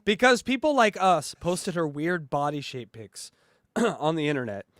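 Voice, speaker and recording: A man's voice: on the high side, sing-song, unhurried, a bit bright, dry recording, clean studio sound, faint music behind. A man co-hosting a comedy podcast, mocking clips and laughing as he talks. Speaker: co-host.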